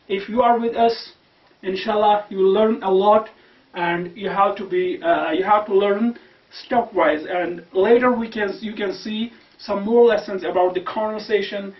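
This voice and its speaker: A man with a Kashmiri accent teaching pronunciation, repeating words slowly with many fillers. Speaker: language teacher. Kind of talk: explaining pronunciation, word lists. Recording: roomy, distant, dull low-quality mic.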